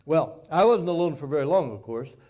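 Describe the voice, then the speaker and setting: A man's voice: a little high, expressive, darkish tone. Folksy older man telling a war story. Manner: folksy, self-mocking storyteller with dramatic pauses. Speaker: guest speaker, former Navy pilot. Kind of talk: storytelling speech to an audience. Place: party venue before a live audience.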